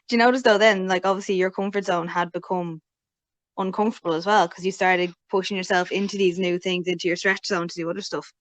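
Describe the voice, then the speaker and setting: A woman co-hosting a podcast in casual chat, relaxed and agreeable. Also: lowish voice, a little fast, dry recording. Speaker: podcast co-host.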